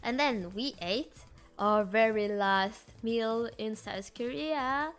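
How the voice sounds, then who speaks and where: A woman with a French accent, a streamer telling stories in casual chat with hesitant fillers and animated delivery. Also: a little high, takes it slowly, soft background music. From France. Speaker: VTuber streamer.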